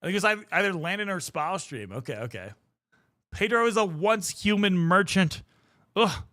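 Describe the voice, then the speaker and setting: A man's voice: high-pitched, lively intonation, normal speed, bright, forceful tone, dry recording, clean studio sound. A young man chatting casually on a livestream while painting miniatures, rambling and swearing freely as he talks to his viewers. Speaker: streamer.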